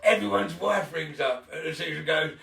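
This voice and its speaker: A man's voice: a little high, normal speed, creaky, fairly bright tone, slight background noise. A middle-aged man telling stories in casual chat, swearing constantly and laughing through them. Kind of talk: casual storytelling. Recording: echoey room, mic at a distance.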